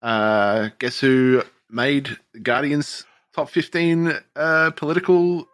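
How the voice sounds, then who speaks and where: A man chats casually on a podcast, laid-back and wry. His voice sits at an ordinary pitch. The recording is dry and close. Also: fairly even intonation, slow, fairly bright tone, no echo. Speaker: podcast co-host. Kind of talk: casual chat.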